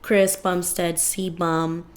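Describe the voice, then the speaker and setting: A woman's voice: lowish voice, level tone, drawn-out words. A young woman co-hosting a podcast in casual chat, talking chattily with lots of fillers. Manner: chatty, many "like"s, emotional retelling. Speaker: podcast co-host.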